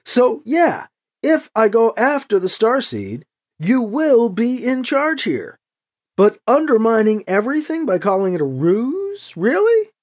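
A brash young man in charge who pushes back with sharp sarcasm, as an audiobook reader puts him on. The pitch rises and falls very widely. He sounds defensive in a storybook scene. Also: sing-song, heavily acted. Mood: irritated. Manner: sarcastic, quick retorts.

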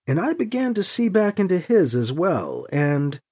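A narrator voicing a calm, earnest young woman who speaks plainly. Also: on the low side, moderate pace, slightly rough, pitched above the performer's own voice. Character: calm young mother rescuing a prisoner.

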